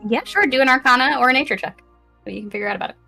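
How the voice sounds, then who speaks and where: A woman running a tabletop game as game master, telling the scene with frequent laughs and a lively storyteller's manner. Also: high voice, racing, creaky, soft background music.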